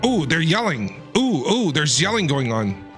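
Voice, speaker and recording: A man's voice: fairly high pitch, very animated, moderate pace, over music. A man streamer reacting emotionally to a game's story, exclaiming and repeating himself. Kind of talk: casual game reaction commentary.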